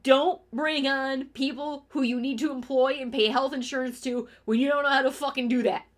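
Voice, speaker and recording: Heated and exasperated, this woman streamer delivers a profane, casual rant at a normal speed. Her voice is high and her tone steady while she reels off complaints, often restarting, as casual ranting commentary.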